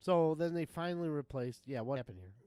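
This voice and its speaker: A man's voice: on the high side, fairly quick, mellow, clean tone, no room sound. A man streaming a game live who chats casually, rambling and swearing as he chuckles often, into a desk mic at a home setup.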